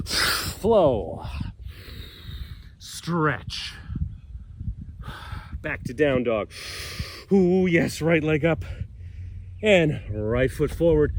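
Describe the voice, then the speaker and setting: A man's voice: fairly high pitch, sing-song, very slow, long pauses, slight background noise. A man leading a yoga workout outdoors, cueing poses with joking asides, breathing hard from the exercise. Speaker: yoga instructor. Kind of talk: guided workout instruction. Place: outdoors with a mountain view.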